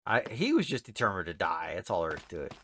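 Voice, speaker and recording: Deep-voiced and sing-song, a streamer talks fast while playing a building game. He rambles casually and chats to the creatures on screen, with loud background noise in the mix.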